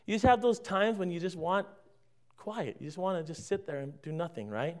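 Animated high-voiced male preacher. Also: normal speed. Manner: animated, rhetorical questions to congregation; swings between loud emphasis and quiet asides. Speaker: pastor. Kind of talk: sermon.

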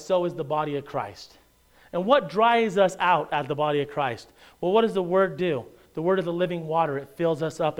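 A man preaching a sermon as pastor, talking in a lively, joking conversational way with many rhetorical questions, and reading scripture aloud in a measured tone. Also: a little high.

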